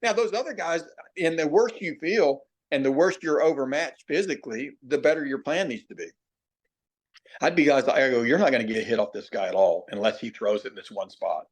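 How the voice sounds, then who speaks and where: Middle-aged man, hitting coach, folksy storyteller, plainspoken, mid-pitched voice. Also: breathy edge. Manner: folksy storyteller, acts out quoted players; plainspoken, repeats himself, drawn-out emphasis. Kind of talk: podcast interview.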